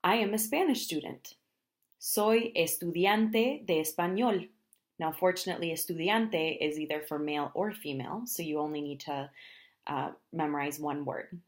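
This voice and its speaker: A woman teaching travel phrases in a language lesson, explaining each phrase and then saying it slowly, often twice. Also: deep voice. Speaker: Spanish teacher.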